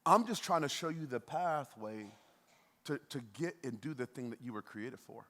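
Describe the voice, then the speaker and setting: A man preaching a sermon as a pastor, in a lively, conversational way, with playful asides to the congregation. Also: mid-range voice, moderate pace. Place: church auditorium. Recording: long hall reverb.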